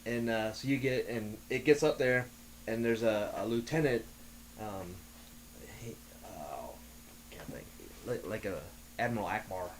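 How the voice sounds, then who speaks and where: Rambling, halting male storyteller. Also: on the low side, a little hiss or hum. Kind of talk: casual podcast chat.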